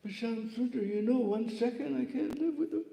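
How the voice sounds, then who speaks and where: A man's voice: on the high side, normal speed, mellow, pitched above the performer's own voice, lightly acted. A man doing a pleading young woman. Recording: echoey hall.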